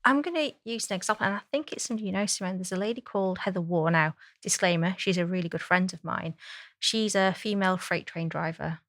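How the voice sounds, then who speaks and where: A woman's voice: on the low side, quick pace, fairly bright tone, no echo, clean studio sound. A woman on a webinar panel telling a workplace anecdote in a friendly, chatty way. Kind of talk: panel discussion, storytelling.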